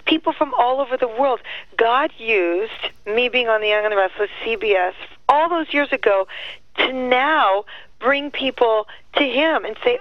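A middle-aged woman, an actress and singer, telling stories as a guest in an interview, lively and acting out quoted voices. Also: moderate pace, no echo. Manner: lively, acts out quoted voices with big pitch jumps. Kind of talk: animated storytelling interview. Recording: muffled dry phone line.

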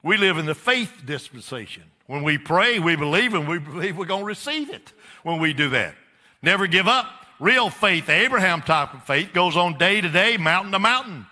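A man's voice: sits high, expressive, moderate pace, pushed and bright. A man preaching a sermon in a church, emphatic and repetitive, turning often to question the congregation. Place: church sanctuary. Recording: echoey church hall.

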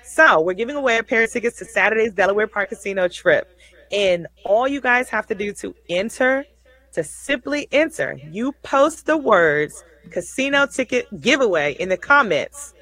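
A woman's voice: medium pitch, animated, moderate pace, a bit bright, dry recording, rough recording. A woman hosting a casual livestream show, chatty and folksy, often repeating herself.

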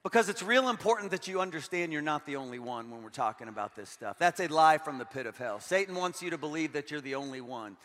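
A middle-aged man preaching as a guest pastor, lively and joking, turning earnest. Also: fairly high pitch, fast talker, few pauses. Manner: energetic and joking, switching to earnest. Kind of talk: sermon. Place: large church hall. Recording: long hall reverb.

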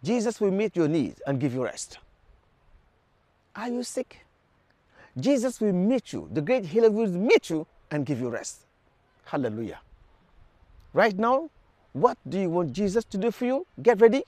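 Fervent high-pitched man preaching a prayer. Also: big pitch swings, moderate pace, long pauses, dark tone, no echo. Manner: fervent, repetitive exhortations to the viewer. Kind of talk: televised prayer sermon.

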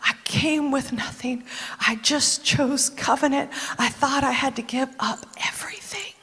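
A woman's voice: high voice, unhurried, a bit bright. A woman preacher voicing a grateful young foreign widow who pours out an emotional, exclaiming prayer to God. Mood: hushed. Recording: long reverb in a large hall.

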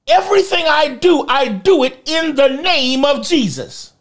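Brief: church pastor, emphatic sermon delivery, lively retelling. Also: high voice, normal speed, hardly any pauses. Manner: emphatic preaching with vivid storytelling.

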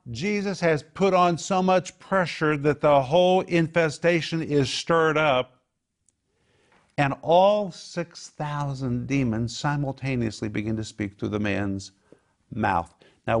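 A man preaching a sermon in an animated, emphatic way, posing rhetorical questions and answering them himself. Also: mid-range voice, a little slow.

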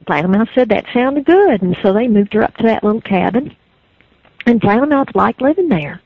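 A woman's voice: fairly high pitch, lively intonation, moderate pace, breathy edge, no room sound. A woman telling a folk tale in a rhythmic, repetitive, folksy way. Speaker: storyteller. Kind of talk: oral folk storytelling. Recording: dry, phone-like lo-fi recording.

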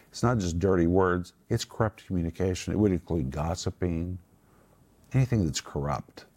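A man's voice: on the low side, darkish tone. A man co-hosting a Christian talk show, teaching a Bible passage in an earnest, emphatic way and drawing out his key words. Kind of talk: sermon-like teaching.

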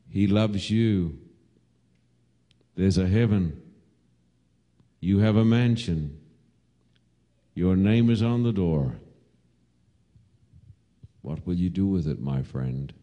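During a sermon, a man with a low voice relates a story slowly and with drama. Voicing the calls, he lifts into loud cries.

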